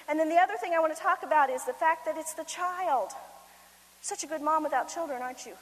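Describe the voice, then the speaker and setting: A middle-aged woman giving a humorous motivational talk to mothers at a conference, telling animated stories with sudden loud bursts. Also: sits high. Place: conference hall. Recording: long hall reverb, faint background noise.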